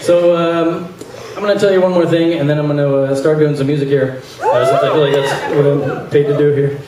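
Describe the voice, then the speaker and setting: A man doing a stand-up comedy set, delivering dry one-liners and acting out voices in animated bursts. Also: a little high, brisk, a loud crowd. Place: large venue with audience laughter. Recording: echoey live hall, distant mic, noisy.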